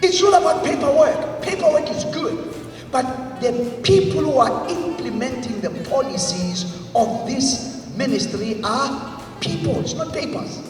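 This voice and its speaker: High-voiced man in echoey hall. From South Africa. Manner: emphatic, drills the audience with repeat-after-me lines. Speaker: motivational speaker. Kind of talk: motivational leadership seminar talk. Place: large congress hall. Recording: echoey hall, voice from far off, faint music.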